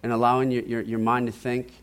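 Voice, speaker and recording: A man preaching, telling a testimony in a lively storytelling way and often repeating his words as he goes. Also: mid-range voice, fast. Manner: animated storytelling, acts out quoted voices, repeats words.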